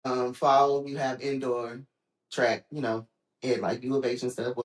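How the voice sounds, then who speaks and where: A woman from Texas, a podcast guest, telling stories in a casual chat with frequent laughs and quoted voices. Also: a little slow. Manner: animated, laughs often, acts out quotes in a high voice. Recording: roomy echoing room.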